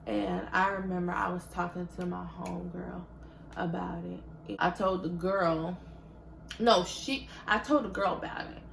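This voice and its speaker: Slow, animated woman telling a story. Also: mid-range voice, gravelly, roomy sound, slight background noise, low-quality recording. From Georgia, US. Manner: animated, swings loud when quoting herself. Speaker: vlogger. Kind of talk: storytime chat.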